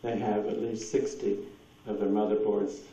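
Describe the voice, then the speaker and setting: A man's voice: on the low side, little pitch movement, moderate pace, dark tone, far from the mic. A man telling anecdotes at a presentation and taking audience questions, rambling and chuckling often as he acts out quoted voices. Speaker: speaker at a presentation. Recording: dull echoey hall recording from afar.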